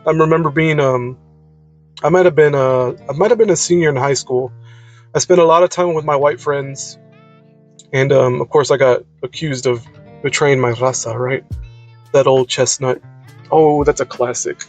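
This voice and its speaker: A man's voice: medium pitch, steady tone, moderate pace, faint music behind, poor audio. A man in an unscripted personal monologue, ranting bluntly and emphatically, with frequent swearing. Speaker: video creator.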